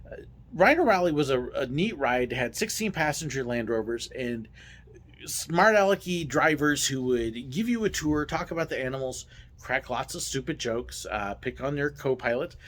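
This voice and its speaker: A man hosting a vlog, casually telling stories from his theme park job in a playful, animated way and acting out the voices. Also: medium pitch, normal speed. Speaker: vlog host, former theme park ride driver. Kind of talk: casual storytelling.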